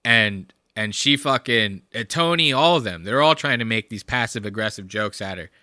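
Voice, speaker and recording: Bright-voiced man with profane, rambling talk. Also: on the low side, lively intonation, normal speed, no room sound, studio quality. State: high on marijuana. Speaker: reaction video host. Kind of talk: casual reaction commentary.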